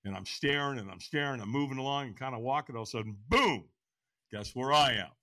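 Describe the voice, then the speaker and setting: A middle-aged firewalk instructor, appearing as a podcast guest, tells a personal story with animated energy, often laughing and voicing other people's lines loudly. He talks fast in a bright, forceful, mid-range voice, with no room sound in the recording.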